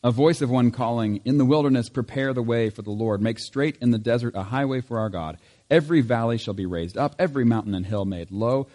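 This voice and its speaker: A man serving as pastor, leading a church service with prayer and scripture reading, reading in a measured way and lifting his voice on key lines. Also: medium pitch, dark tone, in a large hall. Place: church sanctuary.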